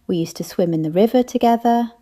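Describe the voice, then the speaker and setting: A woman's voice: medium pitch, fast, mellow, natural voice. A woman voicing a blunt, tough elderly woman raised on a sheep farm, speaking in a brusque, scolding manner in an audiobook. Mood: aggrieved. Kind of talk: audiobook character voice.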